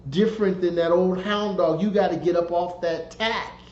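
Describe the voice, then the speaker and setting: A man's voice: sits high, normal speed. Guy reading his own book like he's just chatting, folksy, bit muffled and roomy. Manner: relaxed and folksy, with restarts and repeated phrases. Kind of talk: conversational storytelling narration.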